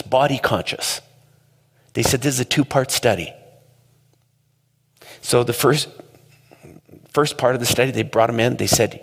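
A man telling a story in a conversational, animated way during a talk. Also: medium pitch, creaky, husky. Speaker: speaker. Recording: long hall reverb.

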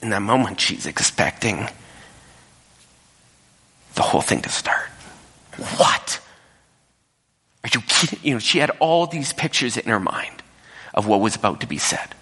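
A man's voice: big pitch swings, unhurried, long pauses, bright, forceful tone, husky. Man preaching in an echoey hall. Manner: storytelling, drops to whispers and rises high when quoting others. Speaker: pastor. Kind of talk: sermon. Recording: echoey hall with long reverb.

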